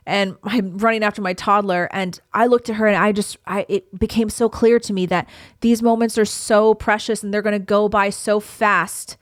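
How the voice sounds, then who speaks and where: A woman's voice: medium pitch, steady tone, normal speed, dry recording, clean studio sound. A young woman hosting a solo podcast, talking in an earnest, encouraging, conversational way while pregnant. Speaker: podcast host. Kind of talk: casual solo podcast talk.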